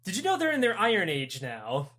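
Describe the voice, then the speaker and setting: A young man co-hosting a casual podcast, telling stories in an animated, profane way and acting out the people in them. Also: high voice, fairly quick. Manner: profane, animated storytelling with voiced characters. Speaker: podcast co-host. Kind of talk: casual chat.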